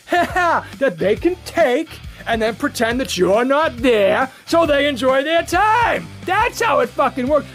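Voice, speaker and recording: Profane ranting man cutting a wrestling promo. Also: very high voice. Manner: profane, mocking, shouting rants. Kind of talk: trash-talk wrestling promo.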